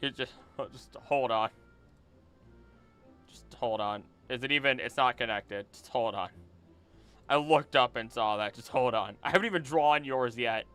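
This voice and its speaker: Drawing live on stream, this man talks casually, mumbling to himself with occasional curses; he is a streamer and voice actor. His mid-range voice sounds sharp, and the tone is clean.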